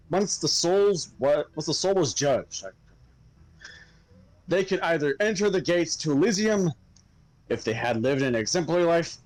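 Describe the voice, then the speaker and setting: A man's voice: fairly high pitch, dry recording, low-quality recording. A man casually reading game text aloud, tripping over hard names and joking.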